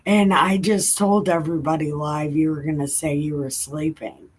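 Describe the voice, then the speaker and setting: A woman's voice: deep voice, fairly even intonation, moderate pace, breathy edge, low-quality recording. A woman hosting a casual home livestream, reading scripture aloud in a laid-back, irreverent way with laughs and casual swearing. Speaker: livestream host reading the Bible.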